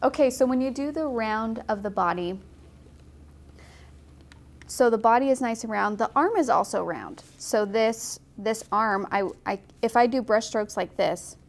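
A young woman giving a casual, chatty watercolor painting tutorial, encouraging and quick to laugh. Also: fairly high pitch, vocal fry. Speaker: watercolor instructor.

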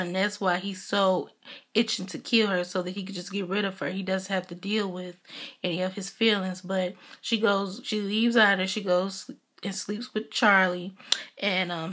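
A woman's voice: medium pitch, fairly bright tone. A young woman vlogger giving a casual, chatty recap of a TV episode, retelling scenes and quoting characters as she goes.

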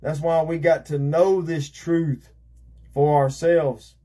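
Fervent husky-voiced male preacher. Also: a little high, steady tone, slow pace, dark tone. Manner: fervent, repetitive, calls out amen and praise God. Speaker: evangelist preacher. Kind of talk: sermon.

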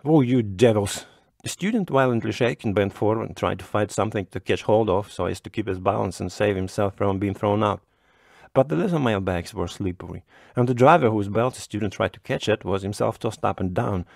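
A man reading a classic short story aloud as measured, expressive audiobook narration. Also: lowish voice, creaky, no room sound, studio quality.

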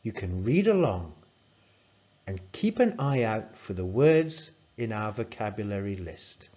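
Slow, lively-voiced male teacher. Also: fairly low pitch. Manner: slow, encouraging, expressive reading. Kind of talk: English lesson narration. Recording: dull lo-fi recording.

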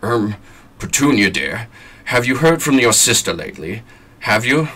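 A man's voice: low voice, normal speed, pushed and bright, exaggerated voice. A man reading aloud and voicing a nervous, stuffy middle-aged husband who hesitates and blusters.

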